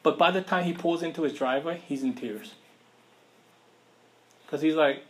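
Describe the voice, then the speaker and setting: A man's voice: on the high side, normal speed, long pauses, a little hiss or hum. A man preaching a sermon in a casual, conversational way, with slang and rhetorical questions to the listeners.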